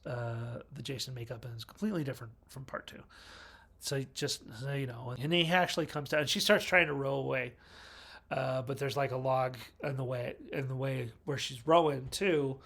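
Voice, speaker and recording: A man's voice: medium pitch, a bit bright. A man giving a casual, rambling movie review with wry asides and frequent self-corrections. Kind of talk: casual film review monologue.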